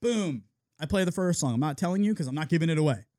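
A man's voice: fairly high pitch, fast talker. A man, a wedding DJ, telling a story on a casual podcast and acting out the quoted dialogue. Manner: animated, acts out quoted dialogue.

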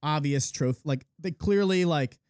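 A man DJ on a podcast, telling a story in casual, animated chat full of "like"s. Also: on the high side, a little slow, smooth, dry recording, clean studio sound. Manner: animated, filler-heavy with many "like"s, acts out the people in his story. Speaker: DJ and podcast co-host.

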